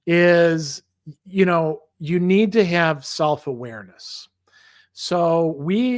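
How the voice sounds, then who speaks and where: Middle-aged male professor, casual lecturer, slightly high voice, dry close-mic read. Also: dry recording. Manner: conversational, acts out angry quotes in character. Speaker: philosophy professor teaching an online class. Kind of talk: casual lecture answering class questions.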